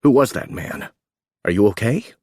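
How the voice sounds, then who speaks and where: A man's voice: medium pitch, animated, normal speed, warm tone, no echo, clean studio sound, natural voice. A man reading an audiobook, voicing a nosy male neighbor in a plain, slightly snippy way.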